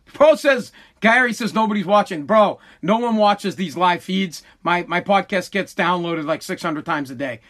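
A man's voice: high-pitched, animated, moderate pace, a bit bright. A man hosting his own livestreamed podcast, ranting in a heated, profane and repetitive way. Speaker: podcast host. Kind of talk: casual livestream podcast rant.

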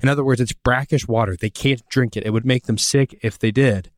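An earnest male Bible teacher tells a story and voices the questions people ask. His voice sits at an ordinary middle pitch, recorded close and dry with no room sound. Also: steady tone, brisk, dry recording.

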